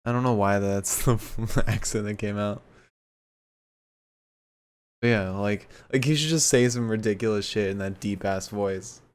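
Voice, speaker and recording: A man's voice: lowish voice, a little slow, long pauses, clear, resonant tone. A man co-hosting a podcast in loose, laughing chat, saying "like" often and swearing casually. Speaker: podcast co-host.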